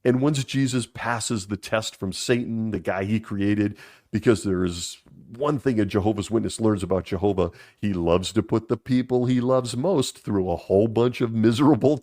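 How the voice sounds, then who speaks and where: A man's voice: fairly low pitch, moderate pace, a little mellow. A man hosting a commentary video, talking in a wry, sarcastic way and chuckling at his own jokes. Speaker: commentary channel host.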